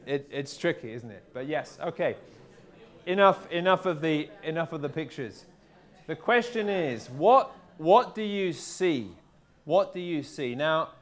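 Conversational English preacher, light voice. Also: male voice, fairly high pitch, fairly bright tone. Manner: conversational, repeats words while talking to the congregation. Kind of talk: sermon. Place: church hall with a live congregation.

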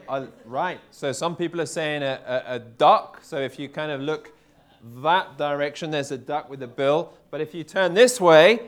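A man from England preaching a sermon to a live congregation, talking in a relaxed, conversational way and often repeating his words as he goes. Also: fairly high pitch. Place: church hall with a live congregation.

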